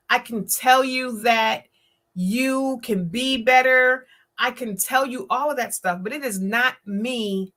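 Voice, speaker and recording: A woman's voice: on the high side, bright, forceful tone. A woman hosting a live-streamed talk show, speaking emphatically and preaching her point, often acting out the words of others. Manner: emphatic, preachy, acts out quotes in voices.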